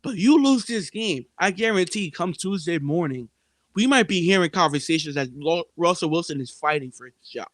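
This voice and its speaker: Animated high-pitched man talking betting. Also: moderate pace, dry recording, studio quality. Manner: emphatic, repetitive, addresses listeners as "people". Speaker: sports betting podcast co-host. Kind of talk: casual sports betting chat.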